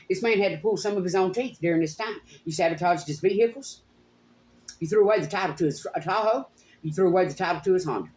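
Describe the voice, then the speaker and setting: A woman's voice: medium pitch, a little mellow, a little hiss or hum. A middle-aged woman hosts her psychic channel, ranting straight to camera in a heated, accusing tone, swearing and repeating phrases for emphasis. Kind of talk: angry direct-to-camera rant. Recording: echoey room.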